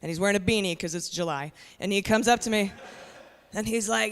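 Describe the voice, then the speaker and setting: A woman's voice: medium pitch, fairly quick. A woman in her forties doing a stand-up comedy set, brash and conversational, talking straight to the crowd. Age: 40s. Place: comedy club stage. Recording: long hall reverb, faint noise.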